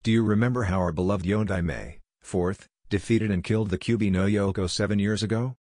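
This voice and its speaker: A cruel, sneering teenage ninja who mocks his victim, as a man reads him. The voice is deep and low, recorded close and dry. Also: brisk, darkish tone, dry recording, lightly acted. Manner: mocking.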